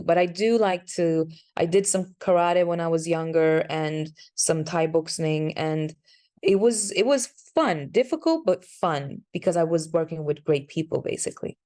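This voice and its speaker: A Swedish actress whose first language is Swedish answers casual interview questions, searching for words as she goes. She has a deep voice with a dark tone.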